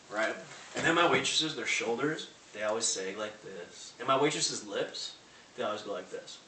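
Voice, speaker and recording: A man's voice: medium pitch, sharp tone. A young man giving a brash motivational sales presentation to a live audience, firing punchy rhetorical questions at the crowd. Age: young adult. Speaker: network marketing presenter. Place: large room in a house with a live audience. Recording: roomy, distant recording with faint hiss.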